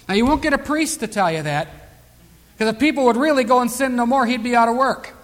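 High-pitched guy preaching a sermon, swings from loud and emphatic to hushed, long echo like a big hall. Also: fairly quick.

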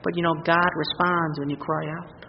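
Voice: mid-range voice, level tone, normal speed, gravelly. A preacher giving a sermon who reads scripture verses aloud and then speaks directly to the listeners to urge them on. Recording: long reverb, dull lo-fi sound, faint noise.

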